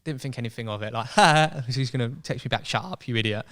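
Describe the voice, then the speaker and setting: Chatty young man, smooth voice. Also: medium pitch, fast talker. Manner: chatty, animated, acts out quoted voices. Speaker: podcast guest. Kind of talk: casual storytelling chat.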